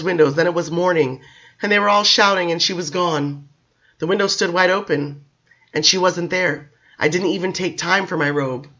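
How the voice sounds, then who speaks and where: A man's voice: a little high, sharp tone, dull audio. A man doing a distraught, drunken Englishman. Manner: emphatic, pleading, halting. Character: distraught Englishman, middle-aged, drunk and desperate.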